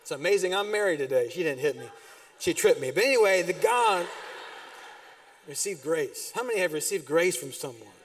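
A middle-aged man preaching a sermon as pastor, telling animated stories with sudden loud bursts and quiet drops. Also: a little high, normal speed. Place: church sanctuary. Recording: distant mic in a reverberant church hall.

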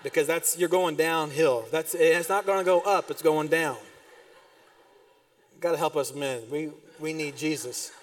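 A middle-aged man preaching a sermon as pastor, telling animated stories with sudden loud bursts and quiet drops. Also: on the high side, measured pace. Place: church sanctuary. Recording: distant mic in a reverberant church hall.

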